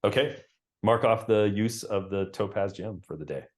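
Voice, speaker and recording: Deep-voiced man running a tabletop game. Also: moderate pace. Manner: relaxed, laughs often. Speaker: game master.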